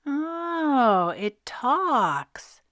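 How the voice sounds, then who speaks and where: A woman's voice: high-pitched, sing-song, drawn-out words, fairly bright tone, no echo, clean studio sound, voice pushed up, full character voice. A woman doing a tiny boy genius who talks like a dictionary. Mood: showy. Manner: formal, dictionary-like wording. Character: small, fiercely clever boy genius.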